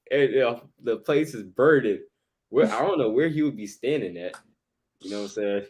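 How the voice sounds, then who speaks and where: A man's voice: medium pitch, animated, moderate pace, a little mellow, slightly rough. A man co-hosting a casual Bible study discussion who talks loosely in slang and laughs often.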